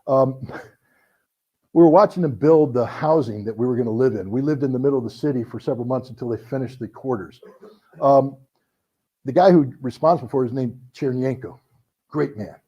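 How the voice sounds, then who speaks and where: A middle-aged man telling a story to an audience, animated, acting out the voices in his anecdotes. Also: medium pitch, moderate pace. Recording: dull lo-fi recording.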